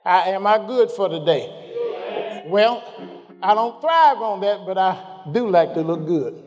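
High-voiced preacher in a hall. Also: male voice, expressive, crowd noise. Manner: call-and-response, questioning the congregation; drawls scripture slowly, rising in pitch as he builds. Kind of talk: sermon.

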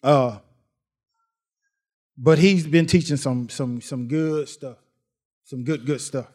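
A man's voice: mid-range voice, slow. A man preaching a sermon, folksy and repetitive, his voice climbing sharply when he gets worked up. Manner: folksy, repeats phrases, rises to near shouts.

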